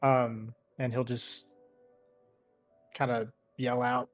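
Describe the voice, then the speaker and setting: A man's voice: medium pitch, normal speed, faint music behind. Hesitant young man playing a tabletop game. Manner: hesitant, describing his character's actions. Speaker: player. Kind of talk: casual tabletop play.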